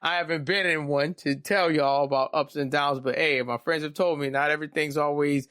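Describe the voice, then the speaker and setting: A man's voice: on the high side, fairly even intonation, brisk, a bit bright, no echo, studio quality. A young man hosting a casual solo podcast, talking candidly and rambling with joking asides. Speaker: podcast host.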